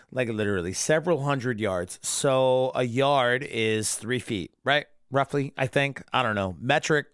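A man's voice: mid-range voice, unhurried, fairly bright tone, clean tone, no echo, clean studio sound. A drunk man ranting alone about an episode he disliked, angry and full of swearing. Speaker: anime reviewer. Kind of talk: solo episode review rant.

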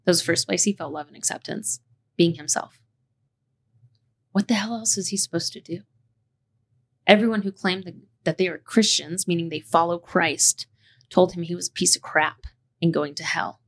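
Woman podcast host, gravelly voice, impassioned, heated, cusses. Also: lowish voice, fairly even intonation, brisk. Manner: passionate, impassioned rant with cussing.

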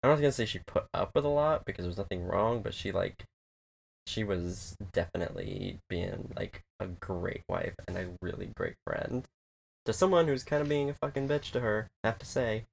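A man chatting casually about a film, rambling, swearing and acting out scenes in quick little quoted voices. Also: fairly low pitch, creaky, a little hiss or hum. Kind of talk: casual chat.

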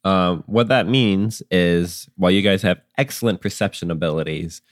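Deep-voiced man running a tabletop game. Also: dry recording, clean studio sound. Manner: loose and halting, full of ums and likes. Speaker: game master.

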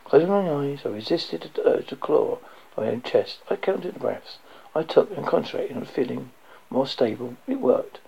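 A man narrating a first-person audiobook in a low, intense delivery that sometimes falls to a whisper. His voice is gravelly and dark-toned, with a husky edge. The recording sounds dull and lo-fi. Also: animated, normal speed.

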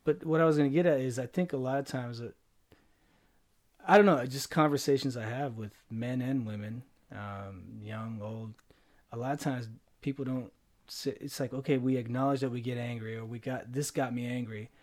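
A man's voice: medium pitch, moderate pace, a little mellow. A middle-aged man in casual chat, reflecting and giving advice on relationships.

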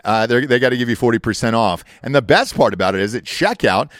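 A man's voice: mid-range voice, fast, fairly bright tone, no echo, clean studio sound. A man hosting a podcast, joking crudely and reading sponsor ads in a brash, profane way. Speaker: podcast host. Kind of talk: crude casual chat and ad reads.

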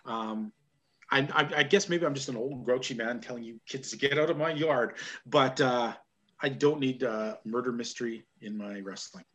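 A Canadian man hosts a wrestling podcast in a loose, chatty way. He jokes, laughs easily and grumbles about what he dislikes, at an ordinary middle pitch. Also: moderate pace, fairly bright tone. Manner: jokey, grumbling, laughs often. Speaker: podcast host. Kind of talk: casual chat.

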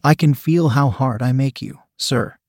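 Male narrator doing a pleading young woman, soft breathy whisper, dry close mic. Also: medium pitch, unhurried, no echo, natural voice.

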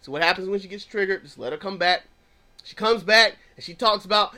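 A man's voice: high-pitched, expressive, moderate pace, bright, forceful tone. A man who counsels clients, teaching in an emphatic preaching style with a repetitive cadence.

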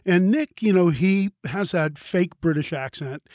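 An older man hosting a podcast with a slightly high voice, upbeat and talkative, cracking jokes as he goes. The sound is dry and close, with no room around him. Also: measured pace, a little mellow, no echo. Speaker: podcast host. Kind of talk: casual chat.

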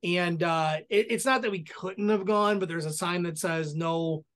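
Casting note: male podcast co-host with a high voice, chatty and hesitant, full of restarts. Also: normal speed, fairly bright tone. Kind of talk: casual chat.

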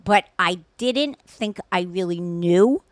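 A woman's voice: fairly low pitch, lively intonation, slow pace, no room sound. An older woman co-hosting a podcast with her daughter, telling a story in casual chat. She is exhausted and has a sore throat, and she swears freely as she talks. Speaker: podcast co-host.

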